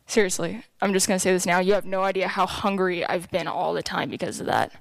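A woman's voice: on the low side, fairly even intonation, moderate pace, gravelly, no echo. A young woman giving a candid, emotional personal testimony to a church group.

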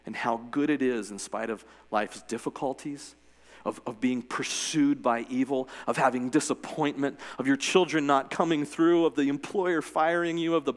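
A man's voice: mid-range voice, steady tone, normal speed, in a large hall. A man preaching as a pastor, earnest, telling a story and then giving an invitation. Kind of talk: sermon.

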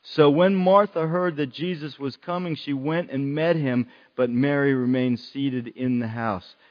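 A man's voice: medium pitch, steady tone, unhurried, muffled recording. A man preaching a sermon in an earnest way, repeating phrases for emphasis.

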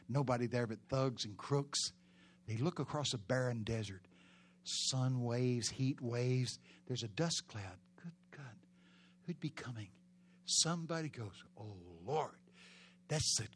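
A man preaching a sermon, telling the story dramatically with sudden shouted peaks. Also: medium pitch.

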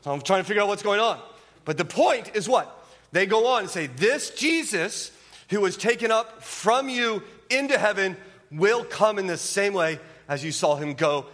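A man's voice: fairly high pitch, a bit bright. Pastor man preaching in a hall. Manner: emphatic, asks rhetorical questions. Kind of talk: sermon. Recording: long reverb of a church hall.

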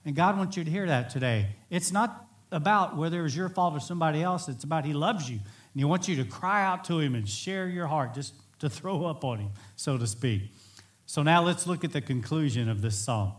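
A man preaching a sermon in an earnest, emphatic way, sometimes swelling to near-shouts. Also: fairly high pitch, animated, fairly quick. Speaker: pastor.

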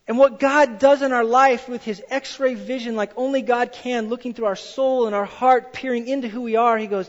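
Male pastor, sermon, animated storytelling, higher voice, dull sound with long hall reverb. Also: fairly quick, few pauses.

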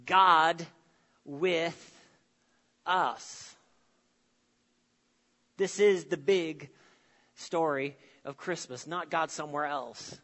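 A man preaching a sermon with emphatic phrasing, dramatic pauses and sudden drops to a soft voice. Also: a little high, big-room sound. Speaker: pastor.

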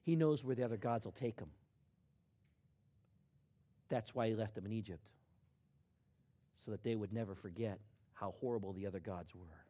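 A middle-aged man preaching a sermon, dropping to a hush and then rising to loud, emphatic shouts. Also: fairly low pitch, moderate pace, long pauses. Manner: swings from hushed to shouting in acted quotes. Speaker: pastor.

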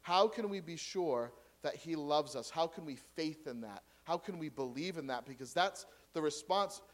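Delivering a sermon, this pastor speaks at a moderate pace with a fairly high pitch and lively intonation. His preaching alternates between loud, emphatic declarations and quiet asides and questions to the congregation.

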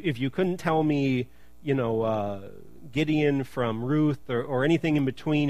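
A man's voice: medium pitch, no room sound. A male pastor preaching a sermon in church, chatty and joking, then building to emphatic repetition.

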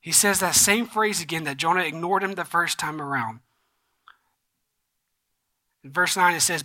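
A man's voice: high-pitched, fairly quick, sharp tone. A young man preaching a sermon, telling stories in a casual, conversational way with lots of fillers. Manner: storytelling, conversational with many fillers. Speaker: pastor.

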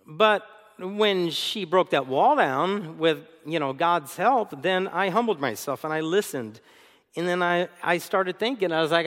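A man's voice: high-pitched, unhurried. Male co-pastor giving a sermon, acts out little arguments, laughs a lot, echoey sanctuary sound. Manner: animated, acts out everyday arguments, laughs often.

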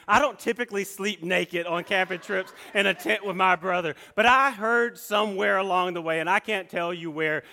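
A man telling a personal story in a sermon, animated, with many restarts and asides. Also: high voice, gravelly.

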